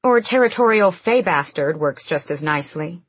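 Woman reading a confident, playful young queen for an audiobook; low, husky, unhurried. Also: animated. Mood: teasing. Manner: playful and teasing. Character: bold, teasing young queen with fiery temper.

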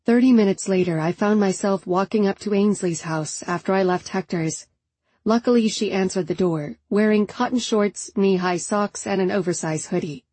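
A woman's voice: mid-range voice, normal speed, warm tone, breathy edge, dry recording. A woman narrating an audiobook in the first person with a subdued, introspective delivery.

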